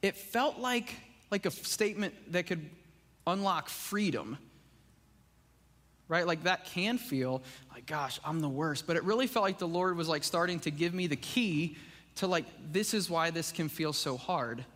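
High-voiced man preaching in a reverberant hall. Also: lively intonation, a little slow, a bit bright. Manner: conversational, fills with "like" and "right?". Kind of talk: casual sermon. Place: church sanctuary. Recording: long reverb of a church hall.

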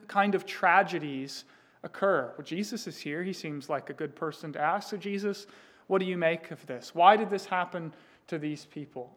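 A man with a notably high voice preaching a sermon. He talks to the listeners in a conversational way, with asides and restarts, then pushes his voice loud and slow when he quotes scripture. His phrases often trail off quietly at the end. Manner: emphatic, swelling louder on scripture quotes and dropping soft at sentence ends. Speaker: pastor.

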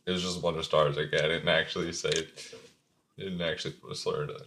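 A man's voice: rumbling low, flat delivery, a little fast, sharp tone, slight background noise. A man co-hosting a podcast in casual chat, hesitant and full of fillers while recapping. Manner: hesitant, many fillers and throat clearing. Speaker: podcast co-host.

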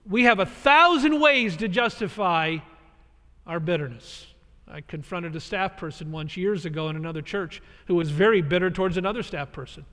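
A pastor with a high, slightly bright voice preaches a sermon, earnest and emphatic as he explains the text and addresses his listeners directly. His voice carries the long reverb of a large hall.

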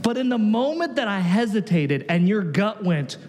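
A man preaching a sermon as pastor, an animated storyteller who acts out the voices he quotes. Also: high-pitched, normal speed, hardly any pauses, in a large hall.

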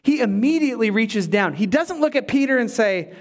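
A man preaching a sermon as pastor, animated and voicing the people in the story as he goes. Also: very high voice, fairly quick. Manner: animated preaching, voices Bible characters.

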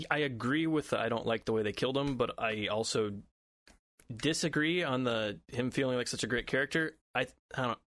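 A man's voice: medium pitch, a bit bright, no room sound. Blunt male co-host, dry mic. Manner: argumentative, talks in quoted asides, swears casually. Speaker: podcast co-host. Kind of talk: casual chat.

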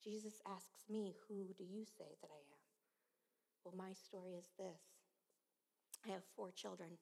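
A woman in her fifties giving a sermon with personal testimony, speaking slowly and earnestly with many halts, often dropping to a hush. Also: medium pitch. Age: 50s. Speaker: preacher. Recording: long reverb of a large hall.

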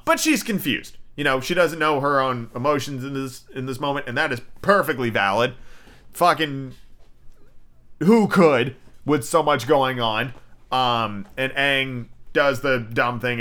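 A man's voice: mid-range voice, expressive, a little slow, pushed and bright. A man giving a casual, rambling show review, swearing often and filling his talk with "like.". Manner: profane, filler-heavy, frequent "like".

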